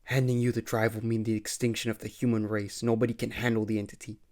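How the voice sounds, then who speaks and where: A man voicing a stern male secret agent hero in an amateur dramatic reading, speaking in a hushed, earnest way. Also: on the low side, little pitch movement, fast talker, natural voice. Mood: grave.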